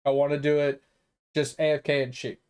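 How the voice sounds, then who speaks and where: A man's voice: on the high side, flat delivery, fairly quick, a little mellow, smooth. A man streaming a game, chatting casually and rambling with lots of "like" and "um", swearing now and then. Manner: rambling, heavy use of "like" and "um" fillers. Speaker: gaming streamer. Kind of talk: casual live-stream chat while gaming.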